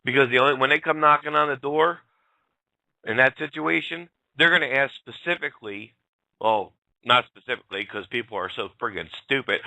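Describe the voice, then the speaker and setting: A man's voice: mid-range voice, a little fast, creaky, bright, forceful tone, no room sound, poor audio. A man hosting a talk show, ranting bluntly and heatedly. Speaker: show host.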